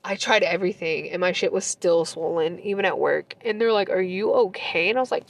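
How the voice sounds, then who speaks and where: A woman's voice: fairly low pitch, fairly quick, gravelly, hardly any pauses, dry recording. Young woman venting about her ex, cussing, emotional, close to crying, dry room. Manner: emotional, swears a lot, laughs through tears. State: close to tears. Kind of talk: casual confessional storytime.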